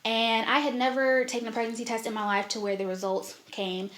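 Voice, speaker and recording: A woman's voice: a little high, level tone, brisk, fairly bright tone. A young woman vlogger telling a personal story in a candid, heartfelt way, with many fillers.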